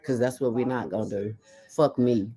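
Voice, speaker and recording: In casual chat, a woman speaks at a moderate pace with an extremely low pitch. She tells her own story bluntly and profanely, bringing quoted lines to life with animated acting.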